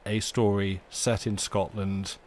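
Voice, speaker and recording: Rambling man, low voice. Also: flat delivery, slow, darkish tone, slight background noise. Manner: rambling and self-deprecating, with many restarts. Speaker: storyteller and stream host. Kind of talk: casual chat before a live reading. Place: home streaming desk with a squeaky chair. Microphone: desk microphone.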